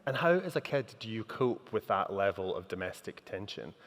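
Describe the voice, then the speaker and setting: A man chairing a festival onstage interview, asking curious, gently probing questions. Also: on the low side, sing-song, moderate pace. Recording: reverberant festival hall.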